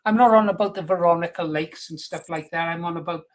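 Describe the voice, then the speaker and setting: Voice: mid-range voice, quick pace, poor audio. A caller in a casual radio chat, talking with enthusiasm and nostalgia.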